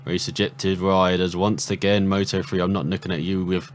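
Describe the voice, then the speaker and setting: A man's voice: low voice, fairly quick, a little hiss or hum. Man calling a video game race. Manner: excited commentary on the race, then relaxed rambling results rundown. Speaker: gaming commentator. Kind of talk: mock race commentary over gameplay.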